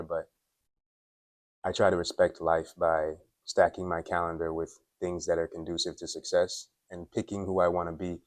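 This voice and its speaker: A man from Dominica in his late twenties or thirties gives blunt, opinionated self-improvement advice in a loose vlog monologue. His voice sits very low and barely moves in pitch, and the sound is close and dry. He leans on "like" and clears his throat often. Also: dry recording. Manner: candid, opinionated, filler-heavy with frequent "like". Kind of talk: casual motivational monologue. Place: at his workplace.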